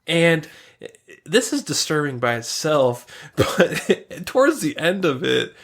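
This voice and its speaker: A man's voice: fairly high pitch, very animated, slow, a bit bright. Rambling, swearing male podcast co-host. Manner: rambling storyteller, swears freely, many fillers. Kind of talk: casual review chat.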